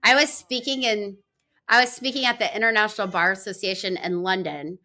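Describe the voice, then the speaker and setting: A middle-aged woman, a law firm founder, talking in an energetic, rambling way full of fillers as a podcast guest. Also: mid-range voice, a little fast. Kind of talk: conversational interview.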